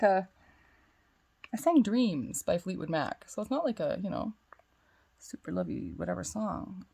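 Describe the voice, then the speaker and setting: Woman, casual storytelling vlog, rambling, lots of filler words, gravelly, a bit husky. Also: mid-range voice, warm tone. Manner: rambling, heavy on "like" fillers, self-assured. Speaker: twin flame spiritual guide.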